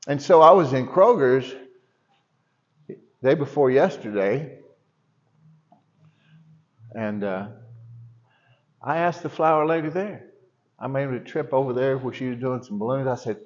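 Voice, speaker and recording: A man's voice: mid-range voice, expressive, moderate pace, long pauses, lo-fi sound. Rambling storytelling preacher man. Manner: rambling storytelling, many restarts. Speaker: pastor. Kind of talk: sermon. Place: church.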